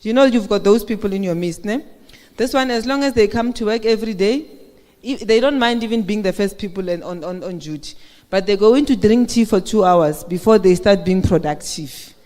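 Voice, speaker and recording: A woman's voice: a little high, darkish tone. A woman giving a motivational talk at a women's conference, speaking conversationally and often asking the audience questions. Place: conference hall. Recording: echoey hall with long reverb.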